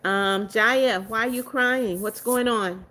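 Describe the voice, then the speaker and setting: A woman's voice: on the high side, takes it slowly, bright, forceful tone. A young woman hosting a livestream, reading out viewer comments and answering them casually, greeting each newcomer with repeated hellos and welcomes. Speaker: livestream host.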